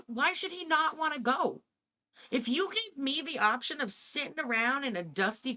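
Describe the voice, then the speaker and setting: Bright, incredulous woman commentator. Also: on the high side. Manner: incredulous, sarcastic, swears freely. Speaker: commentary host. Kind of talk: reaction commentary.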